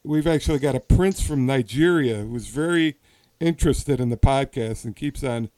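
A man co-hosting a casual podcast over drinks, talking haltingly with many ums and frequent laughs. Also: medium pitch, dark tone, no echo. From Wisconsin. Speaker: podcast co-host.

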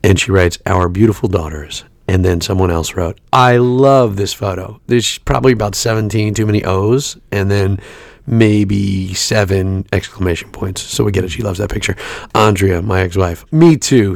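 A gravelly man in his forties tells a story on a podcast, animated and profane. His voice sits in a middle range, with a dry, close sound and no room around it. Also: deep voice, normal speed, no room sound. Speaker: podcast co-host. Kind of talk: casual chat, storytelling.

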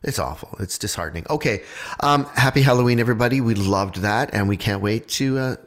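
A man's voice: mid-range voice, quick pace. A man co-hosting a podcast, chatting casually and reacting to stories. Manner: responsive, chatty. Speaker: podcast co-host. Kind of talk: casual chat.

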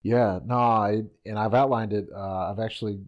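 A man's voice: fairly low pitch, fairly even intonation, moderate pace, dull audio. A man who is a professional athlete, answering in a casual interview in an easygoing way, laughing often. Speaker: professional Highland Games athlete guest.

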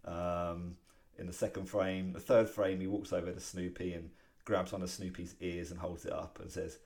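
A man co-hosting a podcast, chatting casually and recapping comic strips with animated retelling and laughs. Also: deep voice, moderate pace. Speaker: podcast co-host.

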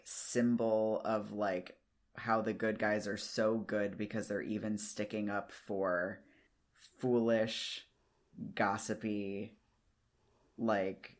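A podcast co-host in their thirties talks at an unhurried, drawn-out pace in a middle-pitched voice, speaking into their own microphone during a video call. They mull ideas over aloud, stretching words as they think, and turn heated when something bothers them. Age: 30s. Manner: slow and thoughtful, stretches words while thinking, gets riled up. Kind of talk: casual chat.

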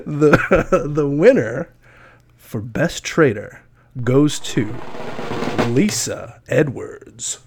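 Relaxed man co-hosting a podcast. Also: fairly high pitch, very slow, gravelly, long pauses. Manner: relaxed, filler-heavy, joking. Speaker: podcast co-host. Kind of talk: casual podcast chat.

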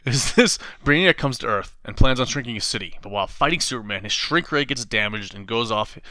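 A podcast co-host casually retells a comic story to a friend, laughing often and acting out the lines with animation. His medium-pitched voice is fairly quick, and the recording is dry and studio quality.

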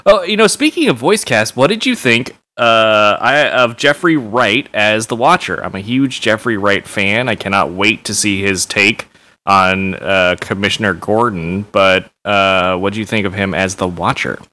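Man co-host, fairly low, bright, forceful voice, laughing and joking with lots of uhs. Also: measured pace. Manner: laughs often, jokey, hesitant with many uhs. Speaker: podcast co-host. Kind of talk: casual chat.

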